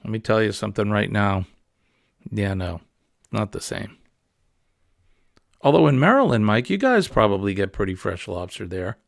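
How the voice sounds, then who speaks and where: A man's voice: on the low side, big pitch swings, moderate pace, vocal fry, long pauses, no room sound, studio quality. A man with a New England accent hosting a casual, rambling morning livestream chat. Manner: chatty, rambling, easygoing. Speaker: livestream host.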